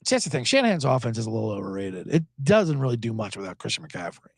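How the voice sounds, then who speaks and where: A male podcast host riffs on his picks in an animated, sarcastic way and swears freely. His pitch swings widely, and the dry recording has no room sound. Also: fast talker, gravelly, husky, no echo. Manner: animated, sarcastic, profane, laughs often. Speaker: sports betting podcast host. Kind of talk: casual solo podcast talk.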